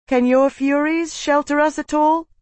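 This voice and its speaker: A man's voice: very high-pitched, steady tone, measured pace, no echo, pitched above the performer's own voice. A man voicing a desperate young slave woman in a storm. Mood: pleading. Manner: shouting urgently over a storm.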